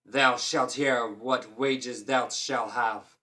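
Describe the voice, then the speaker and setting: A dim-witted, boastful giant from a storybook, booming out each word slowly and loudly, as a man reading the tale puts him on. The voice is bright and forceful, and it drags along at a heavy, unhurried crawl. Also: steady tone. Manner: loud, slow, booming.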